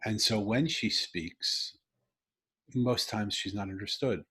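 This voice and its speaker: Low husky man telling a personal story. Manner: earnest, halting with restarts, rising to animated emphasis. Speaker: podcast host. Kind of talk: conversational storytelling. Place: home room over video call. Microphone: video call.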